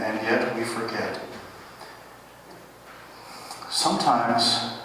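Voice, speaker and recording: Pastor preaching a sermon, unhurried delivery with dry asides, male, recorded from a distance in a church with a faint hum of ambience. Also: mid-range voice, fairly bright tone. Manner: conversational, wry asides. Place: church sanctuary. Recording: echoey church hall from far off.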